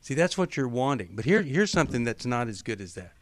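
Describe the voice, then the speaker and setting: A middle-aged man hosts a call-in advice show in a dry studio, with a voice of ordinary pitch. He talks directly and coaches the caller, now and then quoting others in short acted lines. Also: very animated, a little fast, few pauses, no room sound. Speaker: radio show host. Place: radio studio.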